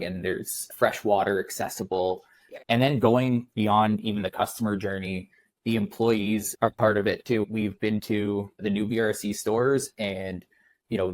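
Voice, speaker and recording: A man's voice: lowish voice, a little mellow, no echo, low-quality recording. A man who is a podcast guest, answering conversationally and often saying "you know". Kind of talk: casual interview answer.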